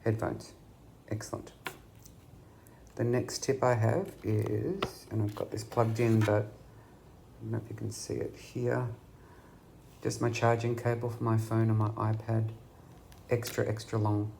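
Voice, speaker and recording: A man's voice: on the low side, steady tone, unhurried, vocal fry, mellow, slight background noise. An Australian man recovering from surgery, chatting to camera from a hospital bed in a rambling way with many ums. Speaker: patient vlogger. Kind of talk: casual chat to camera. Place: hospital room. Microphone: camera at bedside.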